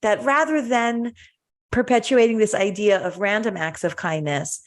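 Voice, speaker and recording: A woman's voice: mid-range voice, moderate pace. A woman co-hosting a podcast and a doctor, telling a story in an earnest, chatty way with many fillers and restarts. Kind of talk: casual podcast chat.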